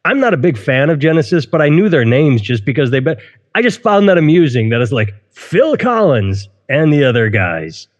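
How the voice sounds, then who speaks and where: A man's voice: fairly high pitch, sing-song, quick pace, big-room sound. A man hosting a podcast, chatting casually and wryly about odd news stories and reading out quotes. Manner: wry, amused, reads out quotes. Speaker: podcast host. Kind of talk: casual comedic news chat. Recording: slightly dull lo-fi sound.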